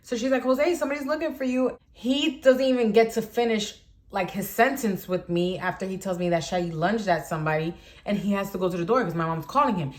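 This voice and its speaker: A woman's voice: medium pitch, fairly quick. Chatty young woman telling a story. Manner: chatty, animated, heavy use of "like". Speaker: storytime vlogger. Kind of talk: casual storytelling.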